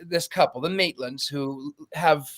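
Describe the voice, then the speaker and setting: A man with a slightly high voice co-hosts a casual panel over a video call. He talks in a loose, rambling way and gets flustered now and then. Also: a little slow, fairly bright tone. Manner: flustered, rambling self-introduction. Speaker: co-host.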